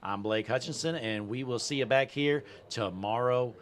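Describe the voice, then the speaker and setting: A man's voice: mid-range voice, normal speed, a little hiss or hum. A man hosting a sim racing broadcast, wrapping up with upbeat, folksy broadcaster patter. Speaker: play-by-play host.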